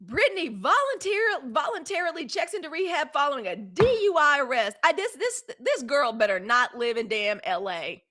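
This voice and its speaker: A fifty-something woman with a Mississippi Southern accent hosts a casual live news stream. Her voice sits a little high, and she chats in an animated way straight to her viewers. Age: 50s. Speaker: live news show host.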